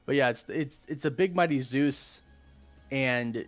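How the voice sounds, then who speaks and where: A man chatting casually on a podcast about a movie he just saw. He slips into quick impressions of the characters. The sound is dry and close. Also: mid-range voice, dry recording, faint music behind. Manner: animated, acts out characters' lines in quick bursts. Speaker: podcast host. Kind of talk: casual film review chat.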